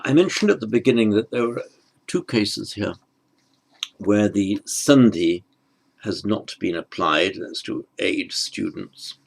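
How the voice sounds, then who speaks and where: A man teaching Sanskrit grammar in an online lesson, explaining slowly and carefully and correcting himself as he goes. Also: on the low side, creaky, darkish tone.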